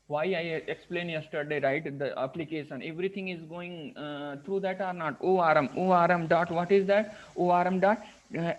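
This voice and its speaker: Explaining each step of a live coding lesson, a programming instructor keeps tossing "right?" and "what is that?" at his students. He's a man whose voice sits high and who speaks with an Indian English accent; the audio is a dull lo-fi screen recording.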